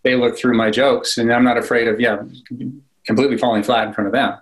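A man's voice: mid-range voice, little pitch movement, quick pace, poor audio. A man being interviewed as a cartoonist, talking casually and rambling with many fillers and restarts, self-deprecating. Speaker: cartoonist guest.

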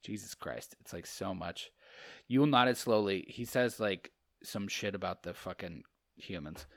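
Here the podcast host's voice sits low and moves at a measured pace. It's a comedic read-along: he reads casually, adds commentary, curses, and laughs a lot.

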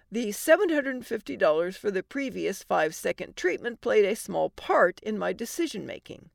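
Brief: a woman narrating a comic story podcast, wry delivery, gravelly voice. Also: mid-range voice, no room sound, studio quality.

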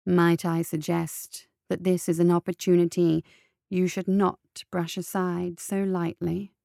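A woman voicing a foul little man who courts a flower girl with slow, smooth words and snarls when crossed. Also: fairly low pitch, little pitch movement, dark tone, no room sound, studio quality. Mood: oily persuasion. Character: oily, menacing little man, a suitor.

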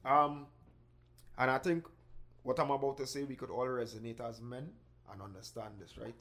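A man from the Caribbean in casual podcast conversation. He talks earnestly and reflectively in a mid-pitched voice, laying his thoughts out carefully. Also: fairly even intonation, normal speed, fairly bright tone. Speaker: podcast co-host. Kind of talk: casual chat.

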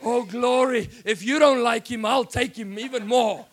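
Excitable South African preacher, high voice. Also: male voice, moderate pace, gravelly. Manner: excitable, often shouting. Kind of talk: sermon.

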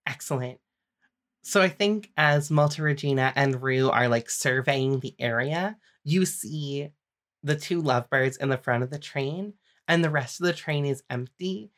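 A woman running a tabletop role-playing game as game master, explaining the rules and narrating scenes in a patient, measured way. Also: extremely low pitch.

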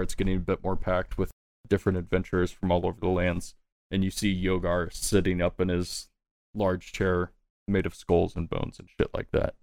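A man runs a tabletop game with loose, casual narration. His voice is very low. The recording is dry and close. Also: darkish tone, smooth, dry recording. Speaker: game master.

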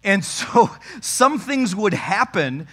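Pastor guy preaching hard, kinda high-pitched voice, talks right at the crowd. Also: sing-song, takes it slowly, a bit bright, breathy edge. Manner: emphatic, talks straight to the congregation. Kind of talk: sermon.

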